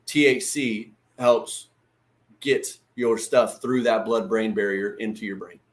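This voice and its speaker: A man's voice: fairly low pitch, slow. Laid-back man teaching on a livestream. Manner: loose and chatty, swears freely, greets viewers by name. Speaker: livestream host.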